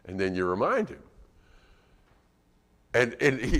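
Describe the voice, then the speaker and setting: A man preaching a sermon in a church, animated and acting out scenes between a parent and child. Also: medium pitch, normal speed, long pauses. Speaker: guest preacher. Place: church auditorium. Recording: long church hall reverb.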